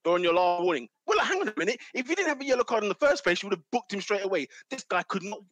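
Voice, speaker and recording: An exasperated man rants about football and repeats himself. His voice sits very high and the words come fast. The sound is dry and close, with no room around it. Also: very animated, a bit bright, dry recording. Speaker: football pundit. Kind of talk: heated football argument.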